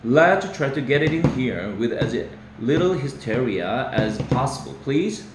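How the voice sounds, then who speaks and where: A man's voice: medium pitch, expressive, a little slow, soft background music, lightly acted. A man with a Korean accent voicing a tired, patient mother in a storybook reading. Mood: weary. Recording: roomy echo.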